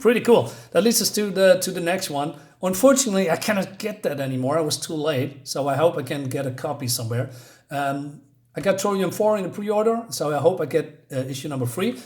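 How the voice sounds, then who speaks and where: Enthusiastic male comic reviewer, casual and chatty, slightly high voice. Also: brisk, a little mellow. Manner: chatty and enthusiastic, many fillers.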